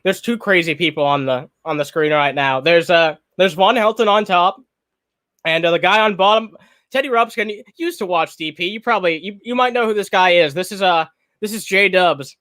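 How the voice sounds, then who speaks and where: A man with a fairly high voice talks on a live stream. He rants in a blunt, profane way, reacts to a video and shouts out to people in his chat. At times he talks while chewing. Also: normal speed. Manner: profane, blunt and ranting, greets chat viewers. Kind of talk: casual live-stream commentary.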